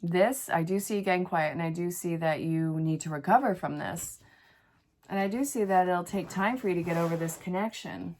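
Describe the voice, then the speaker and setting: A woman in her thirties, sniffly, gives a casual tarot reading, speaking frankly and encouragingly right to the viewer. Her voice sits on the low side and is a little mellow, at a moderate pace.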